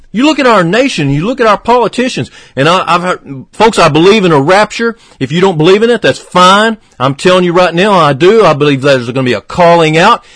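A man preaching a fervent radio sermon, swinging from emphatic peaks to hushed, low passages. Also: no room sound.

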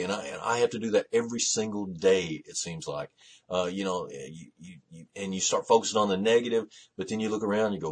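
Husky-voiced preacher, low and earnest. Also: male voice, fast. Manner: conversational, repetitive, with many restarts and "you know"; rises to fervent emphasis. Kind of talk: sermon.

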